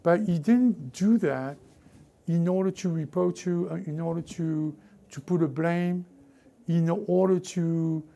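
Here a preacher with a high, creaky voice drives his sermon through repeated call-and-response appeals. Booming exhortations alternate with quiet asides.

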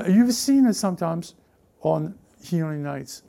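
A male pastor preaching a sermon in an animated way, acting out quoted voices and often restarting his sentences. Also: high-pitched, slow pace, creaky.

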